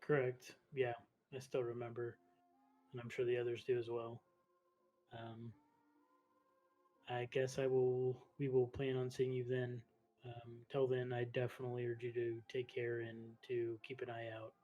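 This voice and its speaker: A man playing a tabletop horror game, talking in a hesitant way with frequent pauses. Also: mid-range voice, lo-fi sound. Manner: flat, hesitant, with "um". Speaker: player. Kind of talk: tabletop game role-play.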